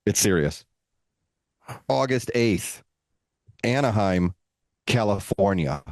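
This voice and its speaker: A man co-hosting a podcast, telling a story in a relaxed, animated way with playful asides. His voice sits low, and the recording is dry and close. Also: slow, dry recording. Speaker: podcast co-host. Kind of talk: casual storytelling.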